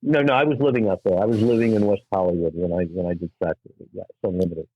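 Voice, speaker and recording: A middle-aged man from New York, a stand-up comic telling anecdotes in an animated way and acting out the people in them. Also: low voice, highs cut off. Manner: acts out voices in anecdotes, quick asides. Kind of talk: animated storytelling.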